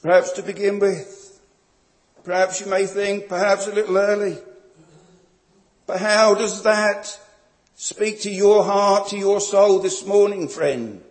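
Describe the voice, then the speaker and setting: A man's voice: high voice, steady tone, takes it slowly, long pauses. A man preaching a sermon in a solemn, emphatic way, building each point through repeated phrases. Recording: long reverb of a large hall.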